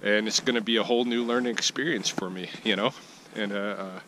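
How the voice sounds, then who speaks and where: A man's voice: lowish voice, fairly even intonation, brisk, a bit bright, low-quality recording. A man giving a casual weekly vlog update outdoors in his backyard, thinking aloud with plenty of fillers and restarts. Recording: outdoor ambient noise behind the voice.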